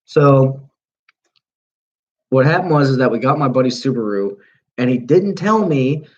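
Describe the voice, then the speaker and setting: A man's voice: mid-range voice, expressive, measured pace, lo-fi sound. A young man hosting a livestream, telling a long story casually with plenty of swearing and mid-sentence corrections. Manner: rambling, profane, self-correcting. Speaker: livestream host.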